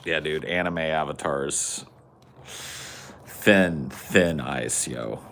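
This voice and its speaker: A man's voice: rumbling low, drawn-out words, a bit bright, a little hiss or hum. A man hosting a podcast in casual chat, joking, swearing a lot and laughing often. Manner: profane, jokey, laughs often. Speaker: podcast host.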